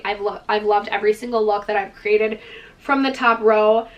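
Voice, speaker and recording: A woman's voice: fairly high pitch, fairly bright tone, far from the mic. A woman beauty vlogger gushing enthusiastically through a product review, peppering her talk with "like" and "freaking.". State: out of breath, dry throat.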